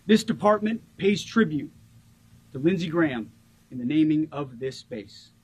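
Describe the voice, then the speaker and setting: A man in his forties giving a rousing ceremonial tribute speech as a government official, stressing key words by slowing down. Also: fairly high pitch, lively intonation, slightly rough, rough recording.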